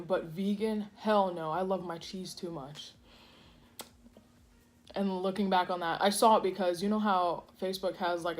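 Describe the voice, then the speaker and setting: A woman vlogger chatting casually while eating at home, rambling with many fillers and restarts. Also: fairly low pitch. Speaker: food vlogger. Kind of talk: casual eating vlog chat. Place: home kitchen.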